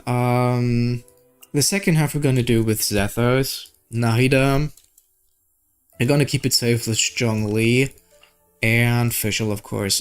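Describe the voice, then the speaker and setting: A young man from Germany with a German accent, giving casual gameplay commentary, excitable and swearing at the game. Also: mid-range voice. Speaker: gaming streamer.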